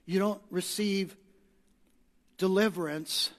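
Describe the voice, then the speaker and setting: A man preaching a sermon emphatically, hammering points in repeated lists and rising to shouts. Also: high voice, fairly even intonation, slow. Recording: long reverb of a large hall.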